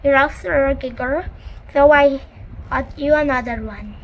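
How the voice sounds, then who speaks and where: A woman's voice: high voice, a little slow, a little hiss or hum. A woman reading aloud, voicing a cheerful, kindly little man in a storybook, speaking hopefully. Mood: amused.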